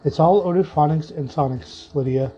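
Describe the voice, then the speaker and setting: A man voicing a calm husband in a read-aloud story, dryly amused and reassuring. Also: fairly high pitch, moderate pace, close to an everyday voice. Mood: soothing. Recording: muffled lo-fi with faint music.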